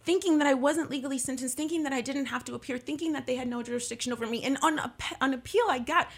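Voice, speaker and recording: A woman's voice: sits high, quick pace. A woman in her thirties, an attorney, speaking in an emotional radio interview with impassioned, emphatic talk that repeats phrases for force. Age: 30s. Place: radio studio.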